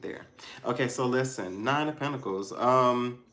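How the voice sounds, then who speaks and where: Guy reading tarot cards for his viewers, musing, keeps restarting, laughs softly. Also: medium pitch, measured pace, slight background noise. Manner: talks straight to the viewers. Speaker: tarot reader.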